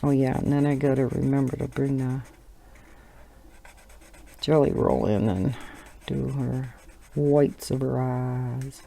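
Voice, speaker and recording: A woman's voice: rumbling low, steady tone, slow, gravelly, pauses often, mellow. A middle-aged woman with a Wisconsin accent, chatting casually and rambling while she colors, laughing now and then. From Wisconsin, USA. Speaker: coloring channel host.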